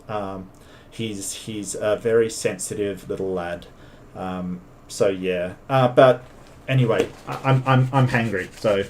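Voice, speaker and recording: A man's voice: on the low side, slight background noise. A man hosting his own livestream in a rambling, stammering, exasperated way. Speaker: livestream host. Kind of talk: casual livestream commentary.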